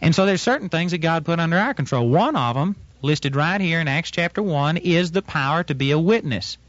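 A man's voice: fairly high pitch, lively intonation, fairly quick, dry recording, lo-fi sound. A man teaching from the Bible in an emphatic, step-by-step way, repeating his key phrases.

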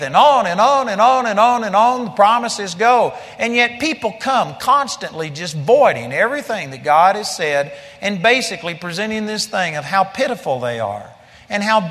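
A male preacher delivering a blunt, forceful sermon. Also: high voice, big pitch swings, moderate pace, in a large hall.

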